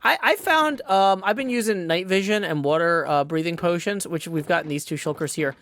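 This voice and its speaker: Here a man's high, slightly bright voice moves fairly quickly. He's a Minecraft server player chatting casually into a desk mic about his gameplay, musing aloud, doubting himself and joking around.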